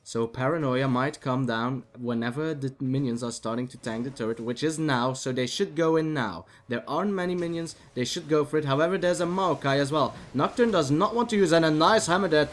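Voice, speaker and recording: Chatty male esports commentator. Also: fairly high pitch. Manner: chatty, talks to the players on screen. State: voice getting dry and rough. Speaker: game commentator.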